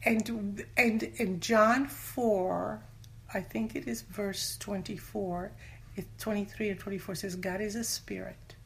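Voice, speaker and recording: A woman's voice: mid-range voice, fairly even intonation, takes it slowly, vocal fry, fairly bright tone, slight background noise. A woman giving a casual Bible teaching in conversation, earnest, sometimes dropping to a whisper for emphasis. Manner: acts out everyday voices when quoting. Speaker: Christian teacher.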